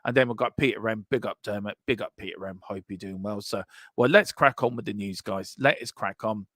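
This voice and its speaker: A man's voice: on the low side, fairly quick, a bit bright, no room sound, clean studio sound. A man hosting a football transfer news live stream, chatting casually, boasting and reading out viewer messages. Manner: boisterous, boastful, reads out chat messages.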